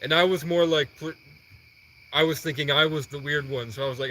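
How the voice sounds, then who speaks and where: A man's voice: a little high, slight background noise. A young man on a livestream, telling a long rambling personal story and acting out the dialogue. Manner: animated, quoting others in quick dialogue.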